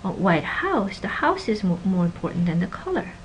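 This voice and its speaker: A woman teaching a linguistics class, stressing example words with energy and dropping into quiet asides. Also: on the low side, sing-song, fast, dull audio, a little hiss or hum. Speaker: linguistics lecturer. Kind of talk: recorded classroom lecture.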